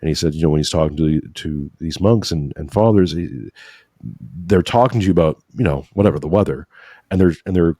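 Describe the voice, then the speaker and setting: Here a podcast guest talks fairly quickly in a low, dark voice, recorded cleanly in a studio without echo. The conversation is religious; he's earnest and preachy about faith, sometimes emotional, and keeps adding "right?" to his points.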